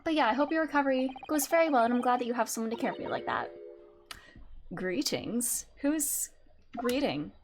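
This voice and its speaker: A woman streaming a game, chatting casually in an excitable, giggly way and quick to apologize. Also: high-pitched.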